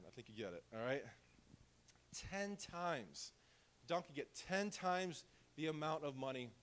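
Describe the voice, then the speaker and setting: A man's voice: fairly high pitch, a bit bright. A male pastor preaching a sermon in a church, in a conversational, humorous storytelling way. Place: church sanctuary.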